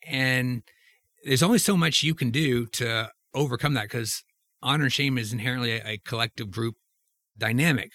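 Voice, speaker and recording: A man with a middle-pitched voice steers a casual conversation, asking the others for their thoughts. The sound is dry and close. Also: moderate pace, bright, forceful tone, no echo. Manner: conversational, asks the group questions. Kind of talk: casual discussion.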